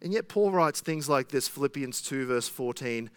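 A man's voice: medium pitch, lively intonation, moderate pace, clear, resonant tone, no room sound. A pastor preaching an expository sermon in a conversational way, often asking his listeners rhetorical questions.

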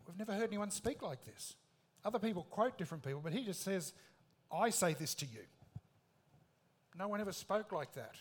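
A man's voice: sits high, fast talker, few pauses. A man preaching a sermon in an emphatic, conversational way, with rhetorical questions.

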